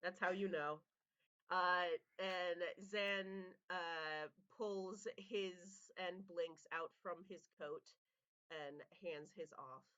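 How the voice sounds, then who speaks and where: Slow lowish woman running a tabletop game, lots of ums, bit muffled. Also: fairly even intonation, pushed and bright, clear, resonant tone. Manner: halting, many fillers, laughing often. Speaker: game master.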